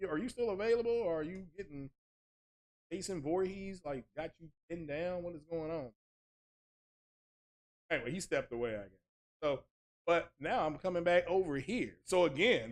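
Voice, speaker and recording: A man hosts a casual gaming livestream with a fairly high voice. He rants about console news in a mocking, animated way. He talks straight to his chat viewers.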